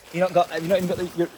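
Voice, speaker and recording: A young man chatting casually while vlogging outdoors on a farm, with excited outbursts and casual swearing. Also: high-pitched, a little hiss or hum. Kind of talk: casual vlog chat.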